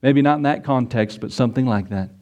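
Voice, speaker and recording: A man preaching a sermon to his congregation, emphatic and repetitive, swinging between loud declarations and quiet asides. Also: medium pitch, fairly quick. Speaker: pastor.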